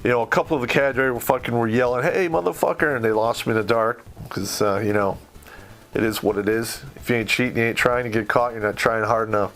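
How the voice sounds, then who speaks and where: A man's voice: medium pitch, steady tone, quick pace, a bit bright. A middle-aged man from Michigan telling a war story in casual, blunt, profanity-heavy podcast talk. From Michigan, USA. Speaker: podcast host.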